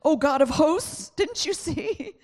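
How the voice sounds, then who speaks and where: Brief: a woman playing an exasperated male prophet, pitched well up, loud and pleading. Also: animated, slow, exaggerated voice.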